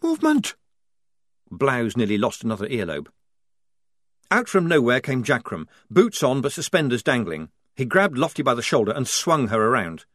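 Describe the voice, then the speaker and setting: A man reads an audiobook in a measured, expressive voice of medium pitch that rises and falls with lively range. The recording is dry and close, with no room sound. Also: no echo. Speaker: audiobook narrator. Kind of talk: scripted narration.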